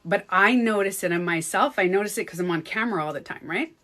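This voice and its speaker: A woman's voice: medium pitch, fast, a bit bright. A woman with a French Canadian accent, a native French speaker, telling a story in a casual vlog. She chats with her viewers and laughs often. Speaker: beauty coach vlogger.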